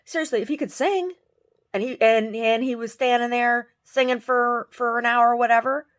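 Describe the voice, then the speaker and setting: A woman who sings tells a story in a casual, exasperated rant, often mimicking other people. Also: normal speed. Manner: animated, exasperated, mimics others in high voices. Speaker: singer.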